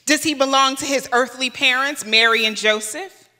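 A woman's voice: high-pitched, moderate pace, bright, forceful tone, in a large hall. A woman guest pastor preaching a sermon, conversational, with rhetorical questions and light humor. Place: church sanctuary.

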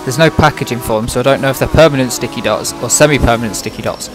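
A man's voice: medium pitch, rapid-fire. Dry, sarcastic-sounding British man. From Britain. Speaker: game streamer. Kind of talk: casual livestream chat. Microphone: microphone close in front of the mouth. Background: music playing.

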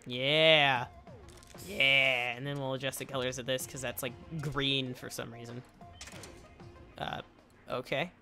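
A man hosting a let's play video, chatting to himself as he plays, with sudden excited yelps and cheers. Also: medium pitch, measured pace, pauses often, faint music behind. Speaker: gaming channel host.

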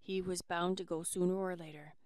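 A woman's voice: lowish voice, steady tone, brisk, darkish tone, no room sound, studio quality, pitched below the performer's own voice, close to an everyday voice. A woman voicing a grave, grieving farmer father who speaks in a subdued, heavy way.

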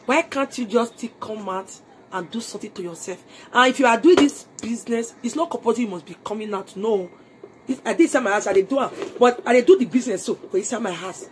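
A woman's voice: fairly high pitch, quick pace, background noise. A Nigerian woman in a live phone video from her home, urging viewers to join her business in a mix of Pidgin and English. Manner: urgent persuasive appeals, mixing Pidgin and English. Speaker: network marketing seller. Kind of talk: live video sales pitch.

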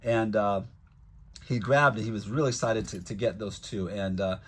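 A man's voice: on the low side, normal speed, slightly rough. A man vlogging as a toy collector, telling a casual, rambling story with lots of fillers.

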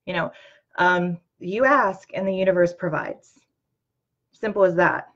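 A woman's voice: on the low side, a little slow, fairly bright tone. A woman in her thirties hosting a motivational talk, earnest and conversational, with many ums and you-knows. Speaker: host. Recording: dull lo-fi sound.

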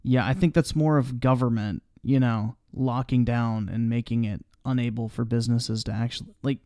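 A man's voice: medium pitch, steady tone, normal speed, warm tone, dry recording, clean studio sound. A man commenting on a video during a live stream, mocking it sarcastically with heavy swearing and reading viewer chat aloud.

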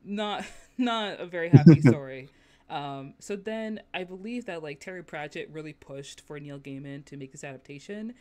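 A woman hosting a podcast, chatting casually, laughing often and acting out quotes in lively asides. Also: low voice, moderate pace, few pauses. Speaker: podcast host.

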